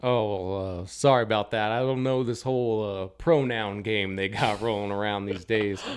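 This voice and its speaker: A man's voice: on the low side, steady tone, moderate pace, a little hiss or hum, natural voice. A man playing an exasperated male US Marshal detective in a tabletop game, folksy and blustery.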